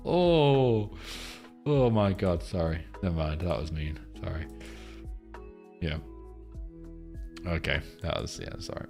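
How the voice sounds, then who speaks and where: A man's voice: low-pitched, lively intonation, slow pace, creaky, pauses often, music in the background. A man live-streaming, chatting crudely with his viewers and rambling between jokes and a chart lesson. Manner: crude, joking, rambling banter with chat.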